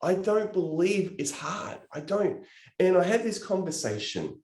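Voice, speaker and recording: A man's voice: high-pitched, sing-song, unhurried, darkish tone, echoey room. A man giving an earnest, emotional motivational talk on sales and recruiting, gesturing with his hands as he explains. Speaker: network marketing trainer.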